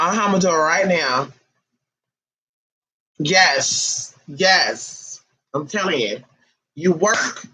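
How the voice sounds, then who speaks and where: A woman's voice: medium pitch, low-quality recording. A woman hosting a casual livestream, telling a rambling story full of profanity, chatting to her viewers and her pet as she reads comments. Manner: animated, profanity-laced storytelling; talks to viewers and a pet while reading comments. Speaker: livestream host.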